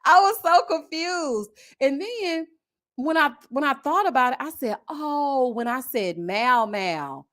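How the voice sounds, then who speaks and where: A woman with a Southern US accent hosting a casual live-stream review, reading viewer comments and answering with sassy, animated asides. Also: high-pitched, unhurried. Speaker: reality TV review host. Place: home setup with a desk mic.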